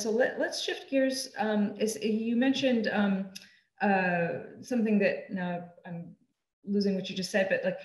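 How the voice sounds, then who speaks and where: A woman's voice: mid-range voice, echoey room, low-quality recording. A woman moderating a seminar discussion over a video call, talking hesitantly with many ums.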